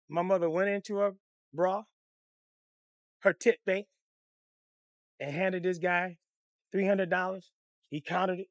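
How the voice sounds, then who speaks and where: A man telling a comic personal story in a profane, animated, conversational way. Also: high voice, takes it slowly, long pauses, no echo, studio quality.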